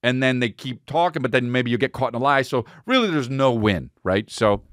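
A man's voice: medium pitch, expressive, fairly quick, a bit bright, dry recording, studio quality. A man hosting a podcast, telling a crude, rambling comedic story. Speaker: podcast host.

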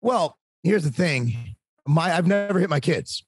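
A talkative man in his forties, a podcast guest, telling animated, casual stories about parenting and sometimes swearing. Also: a little high, a little slow, slightly rough. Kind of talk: casual storytelling.

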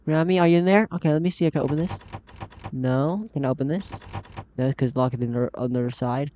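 A man's voice: a little high, fast, warm tone, a little hiss or hum. Jumpy man with a cracking voice. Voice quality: voice cracks upward often. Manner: jumpy, talks to himself and the game characters. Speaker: gaming channel host. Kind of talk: casual horror gameplay commentary. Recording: slightly dull lo-fi mic.

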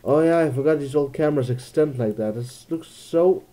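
Very dark-voiced man thinking aloud. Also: a little high, normal speed. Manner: musing, thinking aloud, jokey asides. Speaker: let's play gamer. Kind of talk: casual gameplay commentary.

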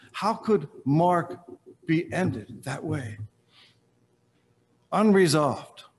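A man preaching slowly in a large church, his voice carried by a long reverb. He sits a little high for a man and tells the story with long dramatic pauses, often letting phrases fall away to a hush. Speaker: pastor. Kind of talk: sermon.

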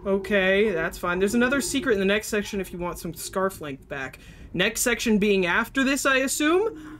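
A man's voice: sits high, expressive, moderate pace, a bit bright, slight background noise. A young man streaming live, giving jittery, panicky commentary as he plays and talks to his chat.

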